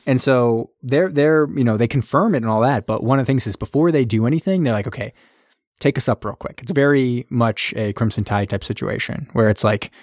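Man, casual recap chat, rambling, profane, fast pace, dry close mic. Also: medium pitch, darkish tone, dry recording. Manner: rambling, profane, acts out quotes.

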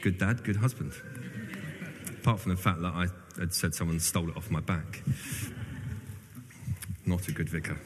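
A man's voice: low voice, normal speed, long pauses. Chatty clergyman in an echoing hall. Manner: chatty, self-deprecating storyteller. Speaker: church clergyman. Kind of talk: informal sermon to a congregation. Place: large reverberant church hall. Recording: long hall reverb.

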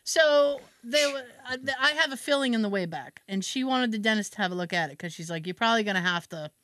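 A woman telling a funny story in casual chat, acting out the people in it with lively voices and frequent laughter. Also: on the high side, quick pace, no echo. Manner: animated, acts out quotes in shifting voices, laughs often. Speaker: podcast co-host telling a story.

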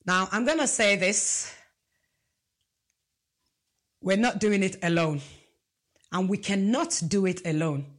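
A woman's voice: mid-range voice, slow pace, long pauses. A woman preaching a sermon, emphatic and asking the congregation rhetorical questions.

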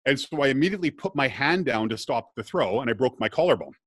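A middle-aged man, a guest in a relaxed conversation, tells a personal story with lively energy and slips into the voices of the people in it. His voice sits at an ordinary pitch, and the sound is dry and close, with no room echo. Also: fast, breathy edge. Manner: lively storyteller, acts out quoted dialogue.

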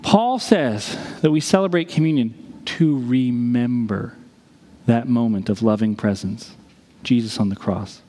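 A man preaching a sermon as a pastor, telling a story with dramatic pauses. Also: mid-range voice, warm tone, breathy edge, long reverb tail.

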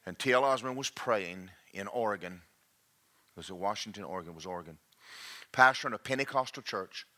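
A man's voice: lowish voice, brisk. A man preaching a sermon to a congregation, joking and checking in with the room. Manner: animated, jokey, checks in with the congregation.

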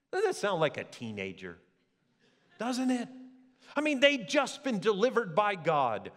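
A man preaching a sermon as a pastor, with lively rhetorical questions to the congregation. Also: high voice, a little slow, long pauses. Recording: long hall reverb.

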